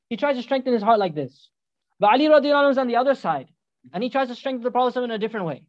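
A man preaching a sermon, animated and emphatic, telling a dramatic story. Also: extremely high pitch, rapid-fire, dry recording, lo-fi sound.

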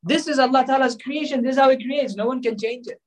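Emphatic high-voiced male preacher. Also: fast, low-quality recording. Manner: emphatic, rhetorical questions, mixes in Urdu and Arabic phrases. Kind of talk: sermon.

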